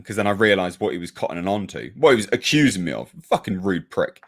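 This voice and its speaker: A man's voice: deep voice, very animated, quick pace, fairly bright tone. A British man hosting a casual live stream, reading viewer comments and telling a profane, ranting story about a neighbour. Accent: British English. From United Kingdom. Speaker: YouTube reviewer hosting a live hangout.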